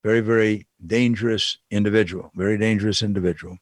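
A man's voice: on the low side, steady tone, fast, no room sound. Wry older man talking politics. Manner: wry, repetitive, chuckling asides. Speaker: political commentator. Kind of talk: casual political commentary monologue.

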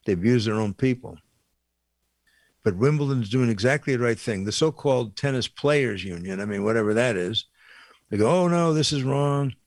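A man's voice: lowish voice, moderate pace, darkish tone, no room sound. An older man giving a blunt, indignant opinion monologue, rambling with fillers and asides. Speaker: commentator.

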